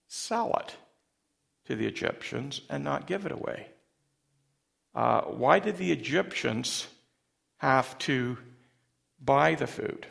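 A man preaching a sermon in a halting way, often repeating words as he starts a phrase. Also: mid-range voice, creaky, fairly bright tone. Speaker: pastor.

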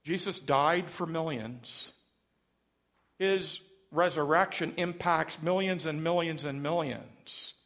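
Middle-aged male pastor, sermon, slightly high gravelly voice, dramatic swings. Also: slow pace. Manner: dramatic, varied delivery with sudden loud rises and soft drops.

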